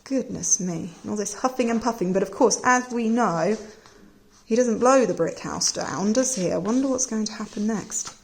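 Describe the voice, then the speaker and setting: Gentle woman at story time. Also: mid-range voice, normal speed, vocal fry. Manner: gentle, musing asides asking the listener questions. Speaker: storyteller teacher. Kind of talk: read-aloud story time for children.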